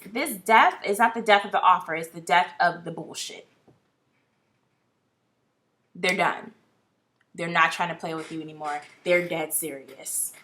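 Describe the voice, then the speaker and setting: A woman reading tarot cards in a casual, blunt, talkative vlog style, often exasperated and swearing now and then. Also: medium pitch. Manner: chatty, blunt, animated, swears. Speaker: tarot reader.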